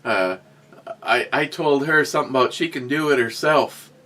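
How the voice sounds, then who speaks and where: A man's voice: medium pitch, normal speed, bright, forceful tone. A man hosting a casual podcast, rambling through a story with many restarts and fillers, and reading out chat comments. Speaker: podcast host.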